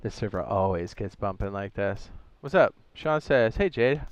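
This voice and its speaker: A man hosts a casual game live stream. His voice is smooth and resonant, and the recording is close and dry. He chats easily, reads out viewer messages and often stops to correct himself. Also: lowish voice, lively intonation, moderate pace, dry recording, highs cut off. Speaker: streamer and server host.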